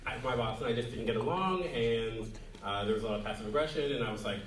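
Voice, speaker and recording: A male host chatting casually on stage, halting, with many ums and restarts. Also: mid-range voice, a little hiss or hum. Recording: echoey hall, distant mic, audience.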